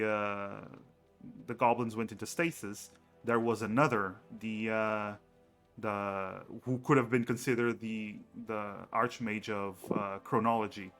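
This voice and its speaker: A man acting as game master, explaining campaign lore in a halting way, with many fillers and restarts. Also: lowish voice, fairly bright tone.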